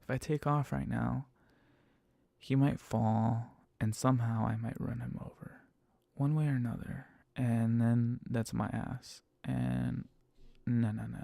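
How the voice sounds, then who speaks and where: A man with a gravelly, dark-toned voice tells a rideshare driving story in a casual monologue. He swears constantly and lays on emphatic exasperation. The sound is dry and close. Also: mid-range voice, level tone, a little slow, no room sound. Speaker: rideshare driver telling stories.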